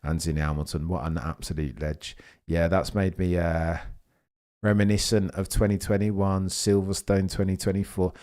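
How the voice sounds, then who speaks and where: This is a young man with a low, deep voice, hosting a live race watchalong stream. He talks in an excitable, rambling way and keeps reading out comments from his chat. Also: moderate pace.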